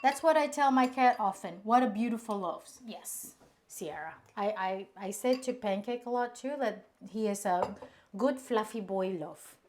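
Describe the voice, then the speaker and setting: A woman's voice: mid-range voice, measured pace, a little mellow, slight background noise. A woman hosting a casual cooking stream, chatting and reading viewer comments aloud in a bubbly way.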